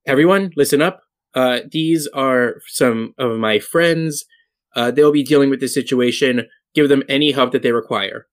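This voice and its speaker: A man's voice: medium pitch, normal speed, natural voice. A man voicing a friendly young male leader who stumbles over his words. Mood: commanding. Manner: hesitant, stumbling politeness.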